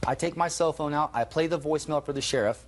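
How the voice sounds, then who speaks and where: A man giving agitated, animated testimony as a defendant in a small-claims courtroom, retelling events and acting out quotes. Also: on the high side, fast talker.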